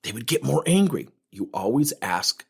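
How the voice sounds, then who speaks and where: A man's voice: medium pitch, very animated, normal speed, vocal fry, breathy edge. A middle-aged man coaching on workplace conversations, telling stories with energy and animation. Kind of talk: podcast monologue with acted anecdotes.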